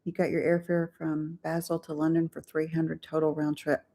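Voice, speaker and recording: A woman's voice: low voice, completely flat delivery, normal speed, mellow. An older woman co-hosting a casual livestream, chatty and teasing as she reads out viewer comments. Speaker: co-host of a livestream. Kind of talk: casual chat.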